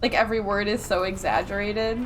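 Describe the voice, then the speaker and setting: A woman's voice: mid-range voice, fairly even intonation, fairly quick, a little hiss or hum. Chatty woman with a Yooper accent. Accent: Upper Michigan (Yooper). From Upper Michigan, USA. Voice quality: rounded words with soft consonants. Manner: chatty and rambling, laughs often. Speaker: streamer. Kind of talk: casual chat while gaming. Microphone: close desk mic.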